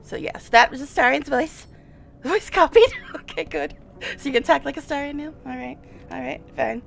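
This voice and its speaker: Chatty gamer girl streaming, laughs a lot, bit of fry in her voice. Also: high-pitched, steady tone, brisk, a bit bright. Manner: chatty and giggly, with frequent laughs. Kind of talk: casual gameplay commentary.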